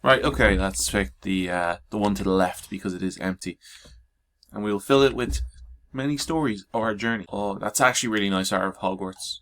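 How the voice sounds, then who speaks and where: Joking gaming host. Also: male voice, lowish voice, a little fast, a bit bright. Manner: joking, sarcastic banter. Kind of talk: casual gameplay commentary.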